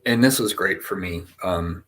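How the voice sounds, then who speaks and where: A spiritual teacher hosts a session with a deep voice at a moderate pace, speaking casually to a live chat. He rambles and stays animated, laughing often, using many fillers, and reading chat messages aloud.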